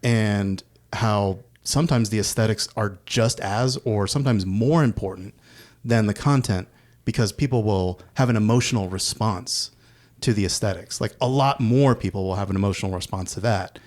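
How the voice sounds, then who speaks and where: A man co-hosting a podcast, talking films in a relaxed, conversational way. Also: fairly low pitch, moderate pace. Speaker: podcast co-host. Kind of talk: casual film discussion.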